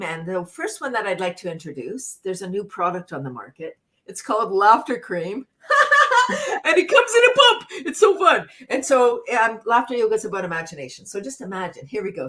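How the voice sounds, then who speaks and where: A woman's voice: medium pitch, animated, fairly quick, few pauses, a bit bright. A woman guest leading laughter yoga exercises on a talk show, bubbly, laughing often and chanting and cheering along.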